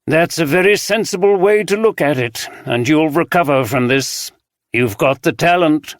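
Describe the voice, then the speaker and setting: A man's voice: on the high side, expressive, moderate pace, no echo, studio quality, pitched above the performer's own voice. A male narrator voicing an earnest actor who apologizes and offers support, in an audiobook. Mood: supportive.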